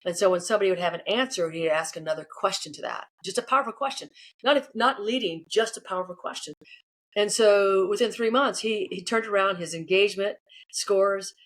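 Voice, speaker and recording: Woman coach, quick delivery, lively storyteller who voices the people she quotes. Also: medium pitch. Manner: animated, acts out quoted people. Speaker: guest, leadership coach. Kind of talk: casual interview answers, storytelling.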